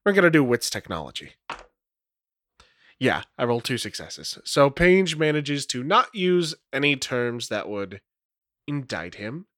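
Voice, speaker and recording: Dude running a solo tabletop game, rambly, lots of uh and like, slow and bouncy, dry sound. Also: male voice, medium pitch, very animated, fairly bright tone, no echo. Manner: rambling, many fillers, laughs at rolls. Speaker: game master and player. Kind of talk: solo tabletop role-play narration.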